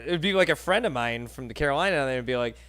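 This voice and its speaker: A man's voice: mid-range voice, quick pace, smooth. A man in his thirties with a New York accent, hosting a casual interview and telling stories with acted-out quotes and frequent laughs. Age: 30s. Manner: animated storyteller, acts out quotes, laughs often. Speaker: host.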